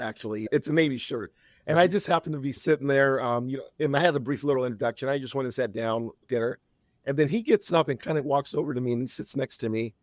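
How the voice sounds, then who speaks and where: A man's voice: mid-range voice, no echo, studio quality. A man in his fifties, a podcast guest, telling a long personal story in a chatty, rambling way with frequent restarts. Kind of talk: casual storytelling.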